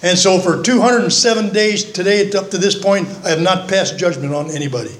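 At a recovery meeting, an older man with a high-pitched voice speaks briskly from the front of the room, earnest and folksy and quick to poke fun at himself. The meeting room recording has a noticeable echo.

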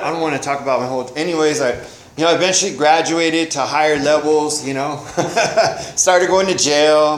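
Candid man sharing his recovery story. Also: fairly high pitch. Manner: candid, rambling, frequent "you know", swearing. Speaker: recovery meeting speaker. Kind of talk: personal testimony at a meeting. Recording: echoey room, faint noise.

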